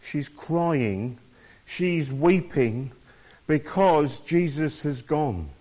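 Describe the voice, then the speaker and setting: A male preacher with a fairly high voice works through a scripture passage. He reads it aloud, then stops to explain it to his listeners at a slow, measured pace. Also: lively intonation, dark tone. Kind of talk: sermon.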